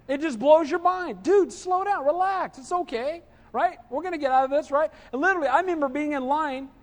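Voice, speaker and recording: A man preaches to his congregation in a lively, conversational style, tossing them quick questions as he goes. His voice sits very high for a man. The sound carries a long reverb from a church hall. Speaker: pastor. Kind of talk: sermon.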